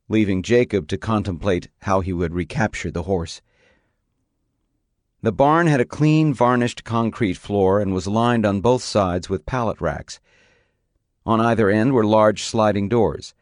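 A man narrating an audiobook in a measured, even reading voice. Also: on the low side, no echo, studio quality.

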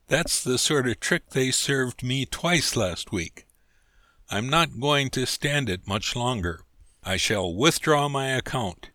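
A man's voice: mid-range voice, sharp tone, no room sound, studio quality. A man voicing an indignant young man who rants and complains on a river trip in a storybook reading. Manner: ranting, complaining.

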